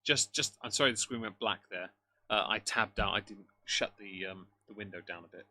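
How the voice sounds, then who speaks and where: A man's voice: on the low side, a little fast, sharp tone. A man giving live reaction commentary on a stream, making dry, mocking remarks while greeting his chat. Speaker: livestream commentator.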